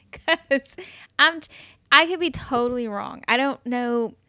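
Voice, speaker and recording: A woman's voice: a little high, lively intonation, slow, pushed and bright, no echo. A woman co-hosting a casual chat, teasing and laughing often.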